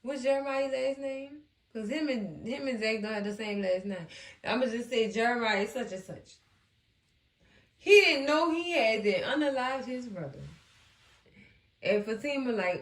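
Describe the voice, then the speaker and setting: A woman hosting a casual TV recap, animated and acting out the characters as she chats to her viewers. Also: on the high side, measured pace, reverberant. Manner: animated, acts out characters, talks to viewers as cousins. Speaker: recap host.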